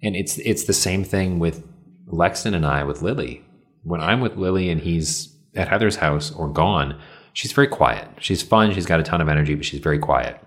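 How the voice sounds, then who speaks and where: A man's voice: sits low, moderate pace. A man hosting a casual conversation, telling reflective, easygoing stories.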